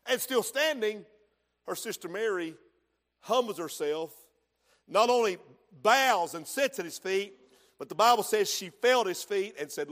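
A man preaching a sermon as pastor, swinging from hushed lines to shouts in a church sanctuary. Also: high-pitched, animated, unhurried. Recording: long hall reverb.

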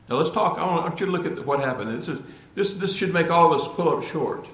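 A man's voice: on the high side, lively intonation, fast, fairly bright tone. A man preaching a sermon with earnest emphasis, often repeating and restarting phrases before building to emphatic points. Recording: echoey room.

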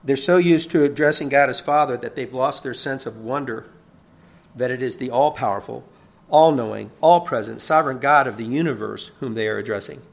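Brisk and creaky, this mid-range male voice belongs to a pastor preaching a sermon. He builds each point earnestly and emphatically, repeating words, raising his emphasis and now and then chuckling.

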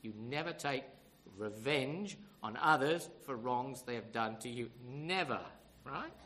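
A man's voice: medium pitch, expressive, measured pace, sharp tone, poor audio. A man preaching a sermon in an emphatic, storytelling way, with frequent rhetorical questions to the congregation.

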